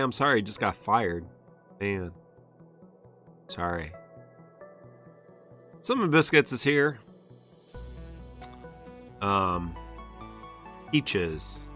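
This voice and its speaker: A man's voice: mid-range voice, sharp tone. A man hosting a podcast livestream pre-show, chatting casually, rambling and joking with frequent laughs. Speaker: podcast host.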